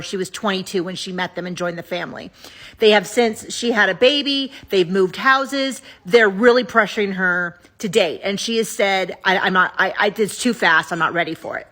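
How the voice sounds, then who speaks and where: A woman's voice: medium pitch, fairly bright tone. A woman giving candid, opinionated casual commentary to camera as a vlogger recapping a show.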